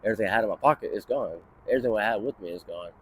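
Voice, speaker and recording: A man's voice: lowish voice, rapid-fire, fairly bright tone, a little hiss or hum. A man in his thirties telling a long story in a casual street interview, rambling, swearing often and leaning on "you know" and "like". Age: 30s. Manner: rambling, profane, many fillers like "you know". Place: outdoors on a city street near a bus stop.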